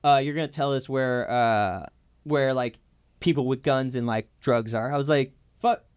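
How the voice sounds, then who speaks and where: A man's voice: medium pitch, moderate pace, darkish tone, smooth. A young man in a casual interview, telling a story in a laid-back, slangy way with lots of fillers. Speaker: guest.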